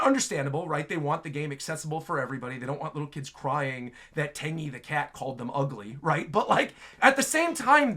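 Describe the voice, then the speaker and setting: Hosting a casual gaming show, a man answers viewer questions with easy enthusiasm. His fairly bright voice is a bit higher than most men's, and his loose, chatty delivery is sprinkled with "like" and "right?".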